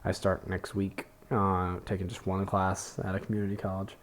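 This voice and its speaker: A young podcast host with a low voice and a completely flat delivery tells rambling, self-deprecating comedy stories at a moderate pace. It's a casual comedic monologue, thick with fillers and swearing.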